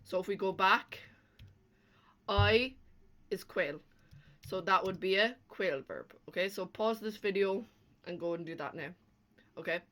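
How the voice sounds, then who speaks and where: A woman's voice: mid-range voice, measured pace, pauses often, a bit bright. A woman teacher recording a lesson over slides, explaining each step and checking in with "okay?" after most points. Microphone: talking over slides.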